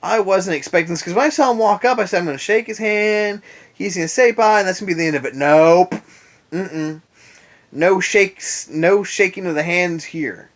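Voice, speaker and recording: A man's voice: high-pitched, normal speed. A tired young man in bed, venting about an old boss in a casual vlog rant with sarcastic asides. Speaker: vlogger. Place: in bed at home.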